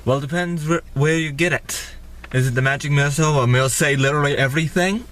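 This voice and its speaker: A man reacting to a cartoon in a loud, incredulous way. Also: on the high side, fairly quick.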